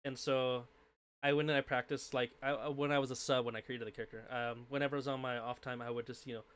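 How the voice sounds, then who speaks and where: A man with a smooth, clear voice talks in a loose, rambling way, stopping often on fillers. His pitch sits in the middle range, and it sounds like easy chat with a co-host. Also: little pitch movement, fast, a bit bright. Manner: rambling, hesitant, full of fillers. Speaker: podcast co-host and game master. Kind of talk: casual chat.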